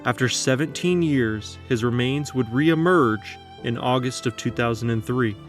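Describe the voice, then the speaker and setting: A man's voice: mid-range voice, unhurried. Man narrating a dramatic documentary. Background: faint background music.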